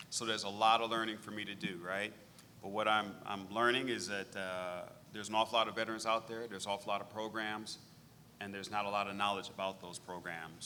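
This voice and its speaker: Man, middle-aged, low-pitched, bright voice, direct and brisk, long hall reverb, faint rumble. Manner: brisk, direct, repeats phrases for emphasis. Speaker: county veterans services director. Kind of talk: public meeting presentation.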